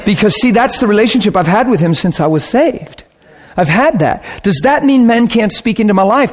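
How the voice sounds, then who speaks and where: A man preaching a sermon in an earnest way, building to excited, emphatic peaks. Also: high voice, long reverb tail. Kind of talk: sermon teaching.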